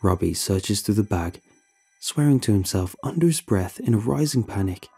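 Low husky male horror narrator. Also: lively intonation, dark tone. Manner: measured, dramatic storytelling. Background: faint music.

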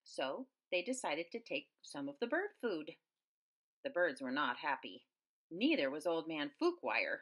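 Expressive woman reading a children's book. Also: unhurried. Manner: expressive, with big swings in pitch and loudness. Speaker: storyteller. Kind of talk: children's book read-aloud.

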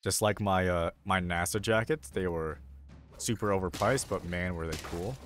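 A young man with a low, deep voice talks through his game live at a desk mic, loose and rambling. He thinks out loud and pokes fun at his own mistakes. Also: moderate pace, faint music behind. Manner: rambling, self-deprecating, thinking aloud. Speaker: streamer playing a video game. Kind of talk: casual live gameplay commentary. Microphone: desk microphone.

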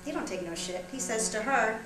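A woman's voice: a little high, expressive, brisk. A woman performing a stand-up comedy monologue on a small theater stage, chatty and teasing as she jokes with the audience. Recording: roomy live room with audience.

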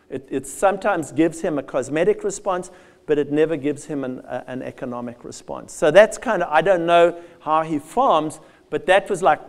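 A man giving a lively, conversational field day presentation with slides, addressing farmers directly and joking at his own expense. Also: on the high side, normal speed. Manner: lively with self-deprecating asides. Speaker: soil health speaker.

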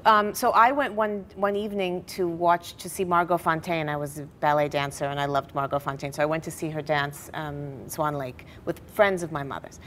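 A middle-aged woman telling family stories in a television interview, animated and laughing now and then. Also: low-pitched, moderate pace, few pauses, a little hiss or hum. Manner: animated storyteller, laughs through her stories. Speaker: interview guest. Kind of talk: personal storytelling in a TV interview.

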